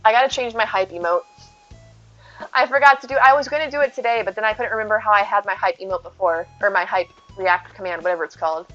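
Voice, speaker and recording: A woman with a fairly bright, mid-range voice is live-streaming a game. She chats casually, talks through her thinking, and answers her chat along the way. The audio is slightly muffled, and faint game music plays behind her.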